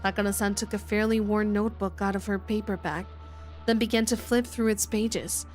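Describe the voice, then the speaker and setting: A woman's voice: mid-range voice, steady tone, brisk, a little mellow, faint music behind, close to an everyday voice. A woman reading the narration of a curious, uneasy teenage boy in a visual novel readalong, in a plain storytelling manner. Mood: narrating.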